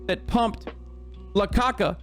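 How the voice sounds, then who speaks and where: High-voiced, profane man streaming. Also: takes it slowly, faint music behind. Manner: profane, joking and animated. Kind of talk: casual commentary.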